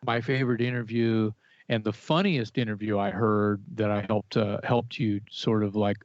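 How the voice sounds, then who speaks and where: A man's voice: lowish voice, fairly even intonation, normal speed, no room sound. A man co-hosting a podcast, talking eagerly in a casual chat. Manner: eager, with many fillers and restarts. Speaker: podcast co-host. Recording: dull, dry lo-fi sound.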